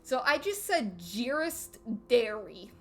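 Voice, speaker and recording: A woman's voice: fairly high pitch, very animated, slow. A woman streamer giving casual, joking commentary while playing a game, crude and often cutting herself off. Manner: joking, crude, self-interrupting.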